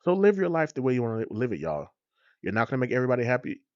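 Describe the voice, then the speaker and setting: A man's voice: medium pitch, sing-song, racing, darkish tone, no echo, muffled recording. A man hosting a motivational podcast, talking straight to his listeners, preachy and repetitive, calling them "y'all". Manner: preachy, repeats points, addresses listeners as "y'all". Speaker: podcast host.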